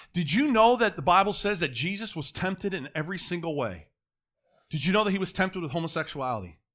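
Middle-aged male preacher, animated sermon delivery, fairly high and lively pitch. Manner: animated, swinging between quiet asides and loud emphatic peaks.

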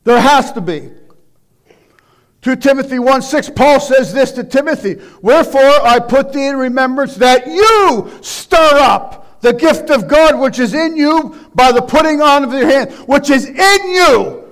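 A man preaching a sermon, loud and emphatic, shouting exhortations and dropping into quiet asides. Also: extremely high pitch, unhurried. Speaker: pastor.

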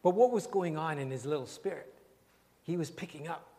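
Older male pastor, slightly high voice, gentle and soft-spoken, recorded in a long-reverb hall. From Canada. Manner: gentle, unhurried, repeating phrases, often dropping very soft. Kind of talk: sermon and prayer. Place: church sanctuary.

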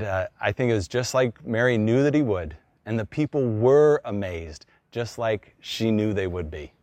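Animated middle-aged male pastor preaching. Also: fairly low pitch, no room sound, studio quality. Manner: conversational, acts out quotes. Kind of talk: sermon.

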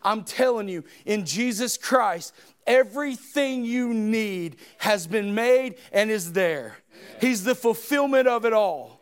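High-voiced preacher, shouting then hushed. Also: male voice, lively intonation, takes it slowly. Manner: swings between shouting and hushed retelling. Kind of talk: sermon. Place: church.

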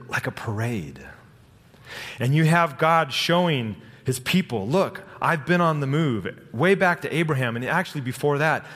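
A middle-aged man preaching a sermon, telling personal stories in an earnest way and slowing down for dramatic lines. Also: mid-range voice, fairly bright tone. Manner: earnest, personal storytelling with dramatic slow-downs. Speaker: pastor. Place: church sanctuary. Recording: long hall reverb.

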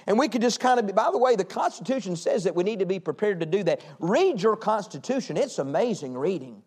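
A male pastor preaching a sermon with passion, building through repeated rhetorical questions. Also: very high-pitched.

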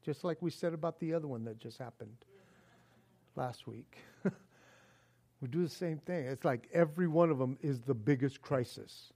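A man's voice: mid-range voice, moderate pace, vocal fry, pauses often. A male pastor preaching a sermon, acting out panicked pleas and laughing often between points. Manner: animated, acts out panicked pleas with frequent laughs.

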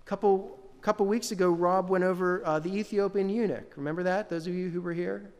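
Male pastor, high voice, conversational sermon delivery, long church reverb. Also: steady tone, brisk, a little mellow. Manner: conversational, asks the congregation questions.

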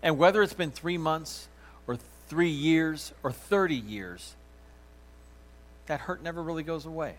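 A man preaching a sermon as pastor, swinging from loud emphatic lines down to soft, almost whispered ones. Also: fairly high pitch, lively intonation, unhurried, a little hiss or hum.

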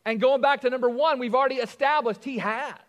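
A man preaching a sermon as pastor, telling a joke story with lively swings from loud to hushed. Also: extremely high pitch, fast, in a large hall.

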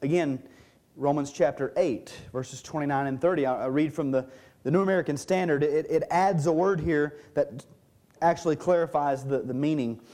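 Male preacher, sermon delivery, slightly high and warm voice, emphatic scripture teaching. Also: moderate pace. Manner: emphatic, stresses key words, reads and explains scripture.

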